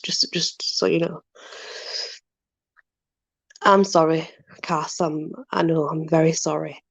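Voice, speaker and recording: A woman's voice: sits low, steady tone, takes it slowly, gravelly, no room sound. A woman chatting casually, apologetic and self-deprecating, fussing over her dogs. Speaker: channel host with dogs. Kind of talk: casual chat.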